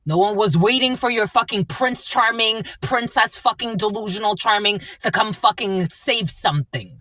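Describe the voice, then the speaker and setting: A woman's voice: mid-range voice, moderate pace, few pauses, bright, forceful tone, no room sound. A woman giving a tarot reading who swears often and repeats herself bluntly. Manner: profane, blunt and repetitive. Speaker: tarot reader. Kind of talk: angry spiritual tarot reading.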